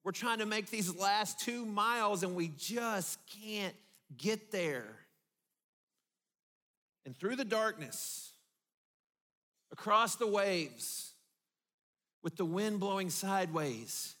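A man preaching a sermon, telling the story vividly and dropping low and soft for emphasis. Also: animated, slow, long pauses. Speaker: pastor.

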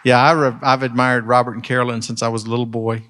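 A man's voice: medium pitch, level tone, quick pace, a crowd in the background, noisy background. A man working as a pastor, bantering with his congregation during a service. His voice rings through a large sanctuary with a long, lingering reverb. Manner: warm joking banter with congregation. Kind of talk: church service, leading testimonies. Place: church sanctuary.

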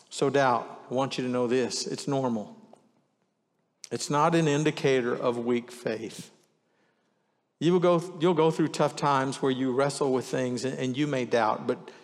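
Preaching man in a reverberant hall. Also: medium pitch. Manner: earnest preaching, reads scripture quotes aloud with shifting emphasis. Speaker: pastor. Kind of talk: sermon.

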